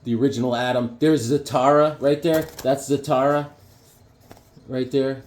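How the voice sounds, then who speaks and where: A man talking casually and excitedly, rambling through his collection with lots of fillers and restarts. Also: medium pitch, moderate pace. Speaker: comic book collector reviewing issues. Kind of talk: casual show-and-tell vlog.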